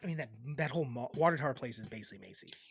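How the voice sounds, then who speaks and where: A man co-hosting a casual podcast, teasing his co-host and swearing freely, sometimes dropping to a low murmur. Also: animated, racing, vocal fry, a little hiss or hum. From Chicago. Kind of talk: casual chat.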